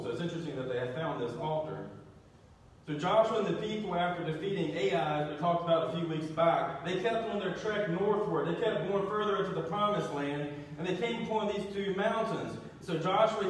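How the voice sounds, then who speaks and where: A man's voice: on the high side, a little hiss or hum. A man preaching a sermon as pastor, talking in a conversational way, asking the congregation questions and restarting with repeated words. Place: church sanctuary. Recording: echoey church, distant mic.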